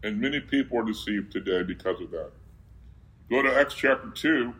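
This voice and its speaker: A man's voice: fairly low pitch, normal speed, a bit bright, rough recording. A man preaching a sermon who reads scripture aloud and keeps asking his listeners questions, then answering them himself.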